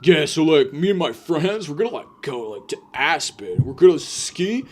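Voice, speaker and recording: A man putting on the voice of a dim, rich young party bro who talks slowly and slurs as if a bit drunk, every line rising like a question. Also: fairly high pitch, very animated, slight background noise. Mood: drawling. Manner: slow, slurred, sounds a bit drunk; drawls, ends everything like a question.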